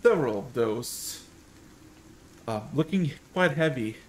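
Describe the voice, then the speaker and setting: A man's voice: mid-range voice, animated, a little slow, darkish tone, slight background noise. A man running a tabletop game as game master, narrating scenes in a rambling, hesitant way with many fillers.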